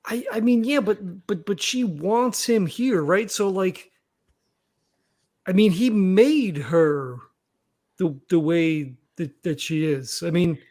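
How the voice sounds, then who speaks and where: A man's voice: sits high, takes it slowly, a little mellow. A man playing in a tabletop game, talking casually and often stopping to restart his sentences. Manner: hesitant, restarting. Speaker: player. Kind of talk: casual play talk.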